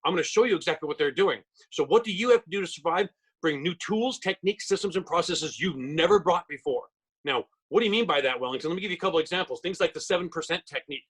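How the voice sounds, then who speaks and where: A middle-aged man leads a real estate training webinar, speaking very fast with an emphatic salesman's push. His voice sits high and has a husky edge. He talks into a computer mic on a video call. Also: fairly bright tone, rough recording. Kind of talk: webinar presentation.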